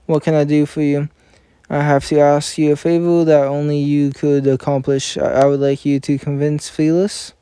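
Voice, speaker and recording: A man reading game story dialogue aloud in a plain, even manner, often stumbling over words and correcting himself. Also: on the high side, moderate pace, clean tone, dry recording, studio quality. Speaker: reader of game story scenes.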